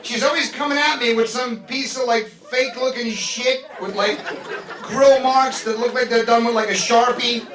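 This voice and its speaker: Stand-up comic, man, very high voice, lively act-outs; distant mic, roomy club. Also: moderate pace, background noise. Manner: animated, acts out voices of others. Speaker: stand-up comedian. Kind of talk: stand-up comedy set. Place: comedy club stage. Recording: echoey club recorded from a distance. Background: audience laughing.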